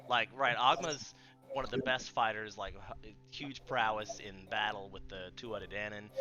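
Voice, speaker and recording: A man's voice: on the low side, steady tone, normal speed, highs cut off. Chatty man running a tabletop game. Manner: chatty, apologetic, lots of "like". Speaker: game master. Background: background music.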